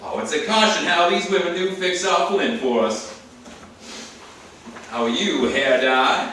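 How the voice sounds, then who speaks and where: A man's voice: on the high side, a little slow, sharp tone. A man playing a cocky Yankee rustic. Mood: brash. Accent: rural American Yankee. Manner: folksy slang, bold and teasing. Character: brash folksy American Yankee, shrewd and cocky. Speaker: actor in a play reading. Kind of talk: stage play reading. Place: theater stage. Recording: very echoey theater, distant mic, faint hiss.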